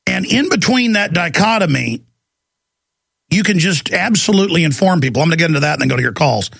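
A man's voice: a little high, lively intonation, fast talker, vocal fry, fairly bright tone, husky, no room sound. A man hosting a call-in talk show, delivering an angry, intense ranting monologue. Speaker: talk show host taking calls.

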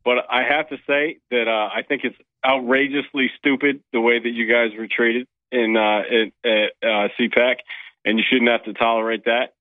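A man's voice: mid-range voice, little pitch movement, normal speed, no echo. A man calling into a talk show, chatting casually and joking. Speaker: caller. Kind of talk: casual call-in chat. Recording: dull phone-line call audio.

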